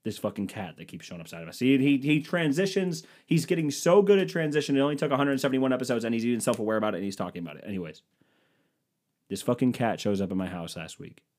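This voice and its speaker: A young man in his twenties hosts a podcast from home, talking straight into a computer mic. His voice sits mid-low and swings widely up and down as he tells self-mocking stories. He rambles and swears freely. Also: lively intonation, fast, a little mellow. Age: 20s. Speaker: podcast host. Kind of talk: casual comedic monologue. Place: indoors at home. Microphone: microphone hooked up to a computer.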